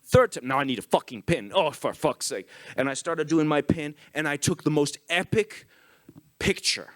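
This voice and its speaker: A man's voice: fairly high pitch, moderate pace, a bit bright. An Irish man giving a comic conference talk, telling profane, self-mocking anecdotes. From Ireland. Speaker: conference speaker. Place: conference stage.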